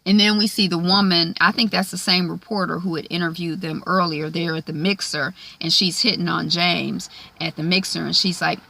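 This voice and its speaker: A woman's voice: on the low side, fairly even intonation, moderate pace, vocal fry, few pauses, bright, forceful tone. A woman casually recapping a TV episode, chatty, with lots of "um" and "like", acting out the characters' lines. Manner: chatty, frequent "um" and "like", acts out quoted lines.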